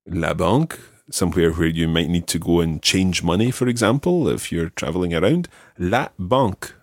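A man hosting a language-learning podcast, teaching patiently and modelling words clearly for the listener. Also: low voice, moderate pace, dry recording, studio quality. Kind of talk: language lesson with an ad read.

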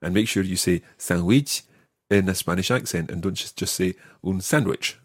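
A man hosting an audio language lesson, patiently explaining and slowing down to model each word. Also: low voice, slightly rough, no room sound, clean studio sound. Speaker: language teacher, podcast host.

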